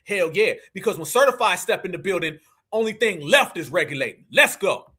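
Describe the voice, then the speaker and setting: A man's voice: sits high, expressive, fairly quick, bright, forceful tone, breathy edge. A young man with a Southern US accent, giving brash, mocking reaction commentary full of profanity.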